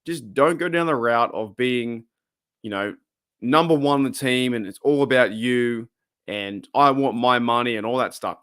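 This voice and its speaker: Australian male stream host, rambling chatty delivery, mid pitch, dry close-miked sound. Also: no room sound. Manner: rambling, chatty, laughs often, lively swings in pitch. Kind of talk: casual live stream chat.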